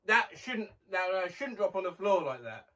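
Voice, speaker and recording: A man hosting a comedy video, reading out submissions and loudly imitating silly sound effects. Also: high voice, moderate pace, heavy background noise. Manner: loud, animated, mimics silly sound effects. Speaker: comedy YouTuber.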